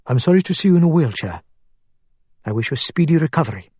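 A man voicing a suave male doctor who speaks with measured, courteous politeness. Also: a little high, expressive, darkish tone, slightly rough, no echo, voice pushed up. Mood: polite.

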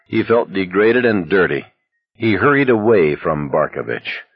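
Casting note: male audiobook narrator, deep and animated, dry-sounding, slightly muffled. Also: measured pace, husky, no room sound. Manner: expressive, dramatic reading.

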